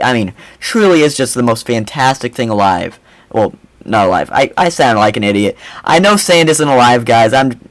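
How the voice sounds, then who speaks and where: Young male reaction host, mocking and rambling, very animated delivery, dry close mic. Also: mid-range voice, dry recording, poor audio. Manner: mocking, animated, rambling with repeated "I mean, seriously". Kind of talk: casual reaction commentary.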